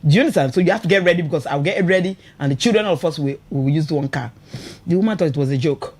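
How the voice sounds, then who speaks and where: A woman's voice: deep voice, very fast, husky. A woman with a Nigerian English accent hosting a radio show, chatting about marriage with a lot of emotion and laughing often. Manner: animated, emotional, laughs often, asks "you understand?". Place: radio studio.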